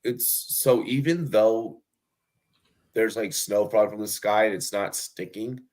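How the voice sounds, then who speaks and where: A man's voice: on the low side, a little slow, a little mellow. A young man hosting a fantasy football show, chatting casually and profanely, rambling with lots of fillers and restarts over a remote call. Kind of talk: casual profane podcast chat.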